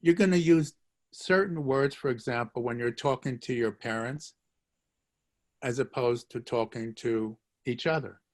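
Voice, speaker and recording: A man's voice: mid-range voice, a little slow, darkish tone. A man teaching a live online language lesson, joking, encouraging and repeating phrases for his students. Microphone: video call.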